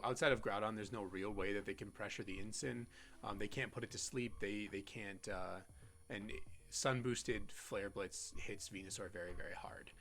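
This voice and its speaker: Low-voiced man talking game strategy. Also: a bit bright. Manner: halting, with many "um"s and restarts. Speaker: competitive Pokemon player and content creator. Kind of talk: casual strategy commentary.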